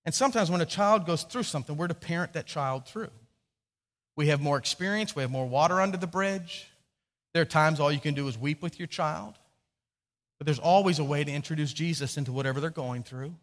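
High-voiced pastor preaching in a reverberant hall. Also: male voice, fairly quick. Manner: animated storytelling, acting out quotes, frequent restarts. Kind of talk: sermon.

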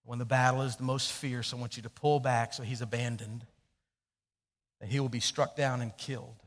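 A man preaching a sermon, telling a story and swinging from hushed, low passages to loud, emphatic questions. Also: fairly even intonation, normal speed. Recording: long hall reverb.

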